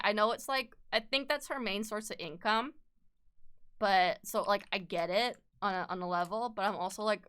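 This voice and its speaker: Bright chatty young woman streamer. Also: medium pitch, normal speed, clear, resonant tone. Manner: rambling, chatty, swears casually, laughs often. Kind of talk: casual live-stream chat while drawing.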